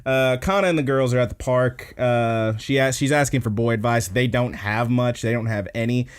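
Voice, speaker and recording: A man's voice: medium pitch, moderate pace, clear, resonant tone. A man hosting a podcast, casually recapping an episode, laid-back and swearing freely. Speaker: podcast host.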